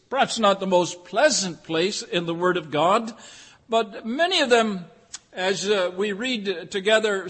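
A man preaching a sermon as a pastor, deliberate and rhetorical, repeating phrases for emphasis. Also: sits high, fairly bright tone, big-room sound. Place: church.

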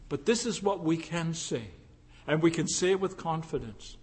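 A man preaching a sermon in a noticeably high voice. He takes his time, leaning on long pauses, and moves between quiet, probing questions and fervent, emphatic appeals. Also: animated, husky. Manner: rhetorical questions, swelling from hushed to fervent. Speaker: pastor.

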